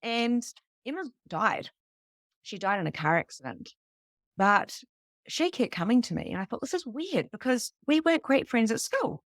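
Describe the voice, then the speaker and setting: A New woman in her thirties telling a personal story to a live group, animated and casual, swearing freely. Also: on the high side, normal speed, dry recording, clean studio sound. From New Zealand. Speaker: psychic medium teaching beginners.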